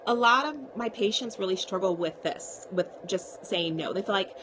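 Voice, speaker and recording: A woman's voice: medium pitch, moderate pace, noisy background. A woman psychiatrist talking casually to viewers on a live stream, reassuring and often checking in with "okay?".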